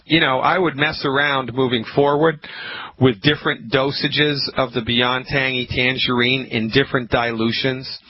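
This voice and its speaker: A man hosting a call-in health radio show, lecturing emphatically and repeating his points, with a frog in his throat that makes him keep clearing it. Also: mid-range voice, steady tone, moderate pace. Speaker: radio talk show host. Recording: muffled radio broadcast with faint hiss.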